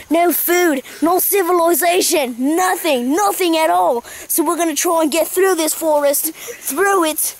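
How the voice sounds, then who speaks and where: A woman's voice: very high-pitched, slight background noise. A woman hosting a joking comedy vlog outdoors in the woods, playful and teasing, swearing casually. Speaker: vlog host.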